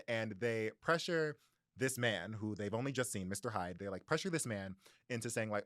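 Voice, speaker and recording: A young man telling a story in a book podcast, his pitch jumping all over as he gets into it. He has a mid-range voice, recorded close and dry with no room sound. He slips into quick voices for the people in the story. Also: dry recording. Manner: animated storytelling with voices and laughs. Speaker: podcast co-host. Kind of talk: casual book-club chat.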